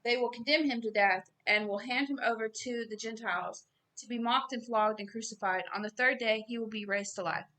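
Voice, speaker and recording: A woman giving an informal Bible reading and sermon, earnest and growing loud and emphatic as she preaches. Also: fairly high pitch, a little fast. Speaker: self-styled preacher.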